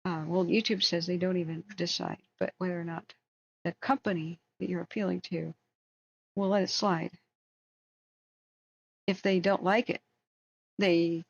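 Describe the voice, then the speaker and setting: A woman's voice: lowish voice, fairly even intonation, moderate pace, vocal fry, pauses often, slightly rough. An American woman hosting a long wildfire-tracking livestream, chatting casually, rambling and opinionated, reading viewer comments aloud. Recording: dull lo-fi stream audio.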